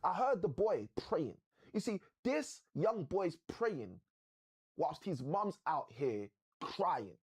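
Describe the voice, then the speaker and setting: Husky, lively man preaching. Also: a little high. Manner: animated, preacher-like storytelling with dramatic slow emphasis. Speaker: host of a live session. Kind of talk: live-streamed motivational talk with preaching.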